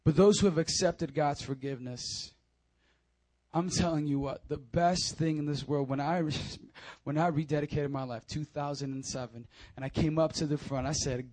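A male pastor delivers an animated sermon, swinging from loud urging to quiet, close talk and repeatedly calling out lines like "come on now." His voice is a little high, at a moderate pace.

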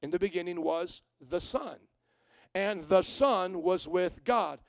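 Male pastor, emphatic sermon delivery with rhetorical questions; high, resonant voice. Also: takes it slowly, dry recording, low-quality recording. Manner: emphatic, asks rhetorical questions and answers them.

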